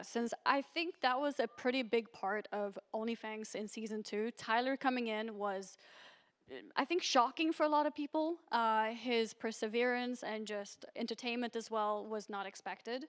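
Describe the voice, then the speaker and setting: A woman moderating a live panel on a convention stage, upbeat and quick to laugh. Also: fairly high pitch, smooth. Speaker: panel host.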